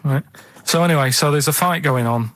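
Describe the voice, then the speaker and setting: A man in his thirties with a Manchester accent, telling an odd news story on a radio show in a flat, unbothered way. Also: fairly high pitch, fairly quick, slight background noise. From England. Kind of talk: deadpan comic radio chat. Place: radio studio. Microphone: studio microphone.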